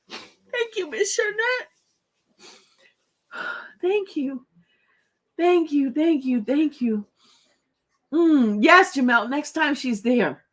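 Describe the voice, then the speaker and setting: A woman's voice: mid-range voice, a bit bright. A woman hosting a live book club chat, giddy and tearful with joy, laughing and reading viewer comments aloud. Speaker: livestream book club host.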